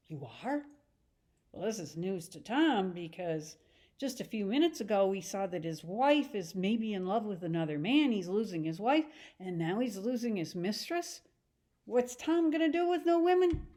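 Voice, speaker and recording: Chatty woman teacher, animated retelling. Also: mid-range voice. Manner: chatty and animated, acts out scenes. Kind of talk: casual lesson retelling a novel.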